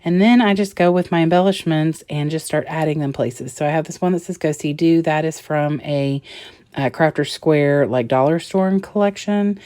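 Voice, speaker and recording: A woman with a low, mellow voice talks through her scrapbook layout in a relaxed, rambling way, filling pauses with ums and likes. Her voice sits close and dry, with no room sound around it. She speaks as the friendly host of her own crafting channel. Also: clean tone, no echo. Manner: chatty, rambling with many fillers. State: getting teary near the end. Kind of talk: casual crafting vlog narration.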